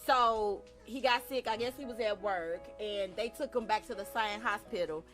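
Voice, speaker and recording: A woman's voice: mid-range voice, moderate pace, fairly bright tone, soft background music. A woman co-hosting a casual podcast, loosely retelling a news story and leaning on "basically" and "right?" as she goes. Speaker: podcast co-host.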